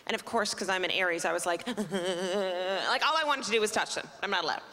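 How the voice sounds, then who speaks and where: A woman's voice: mid-range voice, a little fast, pushed and bright. A woman from Canada performing a stand-up comedy set, chatty and self-mocking, with playful asides to the audience. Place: comedy club stage. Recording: live stage with long reverb, faint noise.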